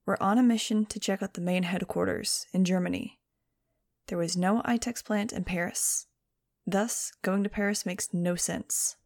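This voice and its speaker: A woman's voice: medium pitch, fairly even intonation, moderate pace, darkish tone. A woman narrating a first-person audiobook. Her delivery is dry and sardonic, in an ordinary mid-range voice.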